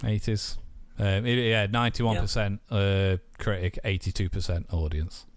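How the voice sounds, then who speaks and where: Low-voiced, laid-back podcast guy. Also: moderate pace, no room sound. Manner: loose, swears freely, laughs at his own jokes. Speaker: podcast co-host. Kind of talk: casual chat.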